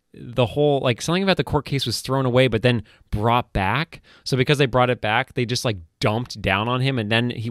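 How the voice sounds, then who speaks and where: A man's voice: mid-range voice, dry recording, studio quality. Rambling male podcast co-host. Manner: rambling, joking. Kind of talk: casual chat about films.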